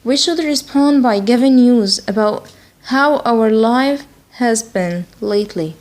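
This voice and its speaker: Woman, English teacher, first language Arabic, slow repeat-after-me drills, fairly high voice. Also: darkish tone. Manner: repeats phrases many times for practice.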